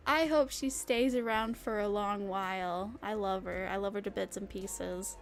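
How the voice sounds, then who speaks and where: A woman's voice: mid-range voice, steady tone, moderate pace, hardly any pauses, faint music behind. A young woman streaming, chatting casually and rambling with lots of fillers and giggles. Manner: bubbly, giggly, rambling with many "like"s. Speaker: vtuber streamer. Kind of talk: casual chat with chat readers.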